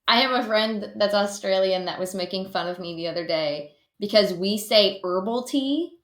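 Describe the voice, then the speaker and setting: A woman's voice: medium pitch, moderate pace, reverberant. An American woman, a voice actor, chatting casually as a podcast guest, giggling often and restarting her sentences. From United States. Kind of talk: casual chat.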